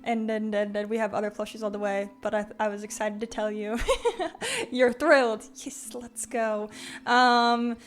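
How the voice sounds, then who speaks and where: A woman's voice: mid-range voice, level tone, moderate pace. A young woman live-streaming, chatting casually with her viewers, with lots of "like" and "um", frequent giggles and greetings to chatters by name.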